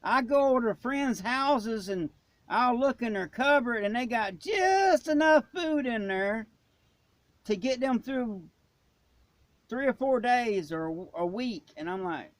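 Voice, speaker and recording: A man's voice: very high voice, animated, a little slow, no room sound. A man from Florida who hosts a prepping channel, ranting in a blunt, emphatic, folksy way. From Florida, USA. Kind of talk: ranting vlog.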